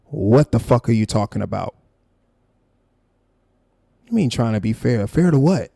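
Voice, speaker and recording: A man's voice: medium pitch, creaky, warm tone, no echo, clean studio sound. A man hosting a live stream, confrontational and profane, calling someone out in a heated rant.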